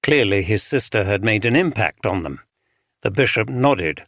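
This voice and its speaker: A man reading a mystery audiobook in a measured, scripted narration. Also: on the low side, animated, fairly bright tone, dry recording.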